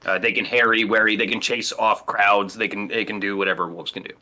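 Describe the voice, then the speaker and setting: A man's voice: on the low side, level tone, a little fast, bright, forceful tone. A man acting as game master, patiently explaining the rules of a tabletop role-playing game with plenty of fillers.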